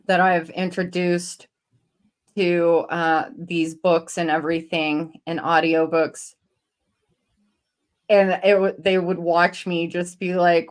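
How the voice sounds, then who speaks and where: Slow, earnest woman podcast host. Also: lowish voice. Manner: earnest, halting, many restarts. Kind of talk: casual book chat.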